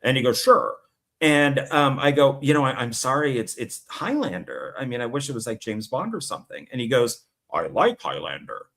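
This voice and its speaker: Animated middle-aged man telling stories. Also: mid-range voice, fairly quick, hardly any pauses. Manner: rambling storyteller, animated, acts out quotes. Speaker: co-host. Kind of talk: casual chat on a live stream.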